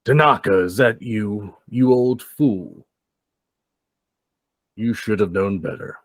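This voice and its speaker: Menacing sword villain, put on by a man, slow drawn-out taunts, low voice. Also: dry recording, studio quality. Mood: taunting.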